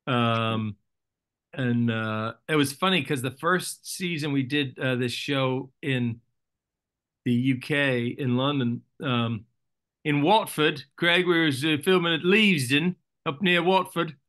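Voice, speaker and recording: A man's voice: medium pitch, slow, fairly bright tone. A man, an actor guest in a casual interview, rambling through stories with self-deprecating jokes.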